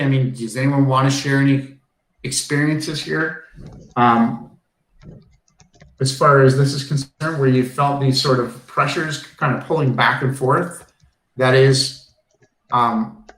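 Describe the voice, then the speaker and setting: A man's voice: mid-range voice, a bit bright, reverberant, low-quality recording. A male teacher giving a classroom lesson, telling a personal story in a chatty way with frequent ums.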